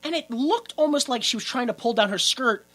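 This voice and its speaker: A man co-hosting a podcast, recapping a film in casual chat, animated and laughing often. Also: very high voice, brisk. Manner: animated, laughs often, acts out characters' lines. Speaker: podcast co-host.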